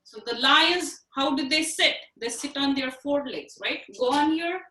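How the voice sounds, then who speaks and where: A woman teaching a children's yoga class over a video call, patient and encouraging, speaking slowly and clearly. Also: high-pitched, sharp tone, recorded from a distance. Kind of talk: online class instruction for children. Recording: echoey room on a video call.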